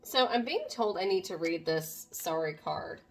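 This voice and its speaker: A woman's voice: on the low side, animated, a little slow. A woman doing a casual tarot reading to camera, talking to viewers in an earnest, meandering way. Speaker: tarot reader.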